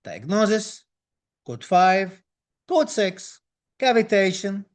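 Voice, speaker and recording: A high-pitched man with as a teaches a live online dental exam class. He talks with eager enthusiasm, repeating key phrases to encourage his students. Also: very animated, takes it slowly. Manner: enthusiastic, reads out viewer comments, repeats phrases.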